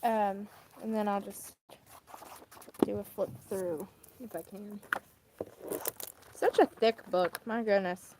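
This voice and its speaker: A woman's voice: mid-range voice, fairly even intonation, slow pace, long pauses, background noise. Chatty young woman, rambling unboxing vlog. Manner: rambling, chatty, trails off quietly. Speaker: vlogger. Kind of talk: casual unboxing chat.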